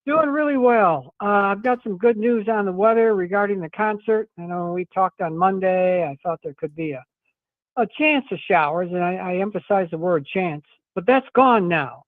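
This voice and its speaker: A man with a fairly high voice calls in a relaxed, chatty weather forecast. The line is thin and phone-like, and the sound is dry and close, with no room around it. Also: moderate pace, no echo. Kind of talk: radio weather report by phone.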